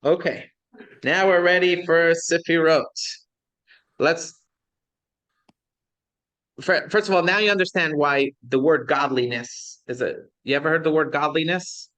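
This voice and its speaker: A man's voice: a little high, steady tone, measured pace, long pauses, fairly bright tone. A man, a rabbi, teaching a class in a conversational lecture style, often checking in with his students and asking them questions.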